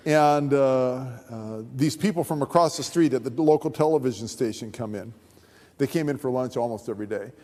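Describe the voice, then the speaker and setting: A man who is a pastor, giving his testimony as an animated storyteller who acts out the voices. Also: mid-range voice, moderate pace. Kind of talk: sermon testimony. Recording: long reverb of a large hall.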